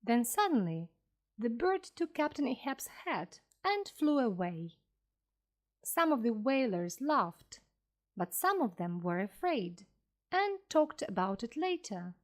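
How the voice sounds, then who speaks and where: A woman narrates a classic tale for beginners of English, word by word at a slow, deliberate pace. Her voice is a bit high and rises and falls a great deal. She reads with clear, careful expression. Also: very animated. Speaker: audiobook narrator. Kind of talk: slow storybook reading for English learners.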